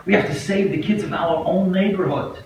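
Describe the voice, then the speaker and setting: A man, a rabbi, giving a storytelling speech at a banquet, moving between hushed and impassioned delivery. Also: high voice, fairly even intonation, a little fast. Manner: dramatic, swings from hushed to impassioned. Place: large banquet hall. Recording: echoey hall recorded from far off, faint noise.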